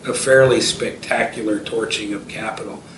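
A man's voice: lowish voice, steady tone, moderate pace. Fifties guy rambling through stories, lots of restarts, echoey room, mic kinda far. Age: 50s. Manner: storytelling, frequent restarts and fillers. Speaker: entrepreneur guest. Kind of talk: casual interview talk. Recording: roomy and distant with faint noise.

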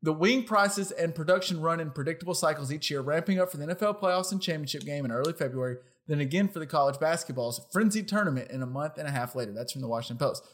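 A young man with a slightly high voice chats loosely on a podcast. He restarts his sentences as he goes and laughs easily. He sounds like a relaxed co-host talking with friends. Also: fast, hardly any pauses. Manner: chatty, self-correcting, laughs often. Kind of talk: casual podcast chat.

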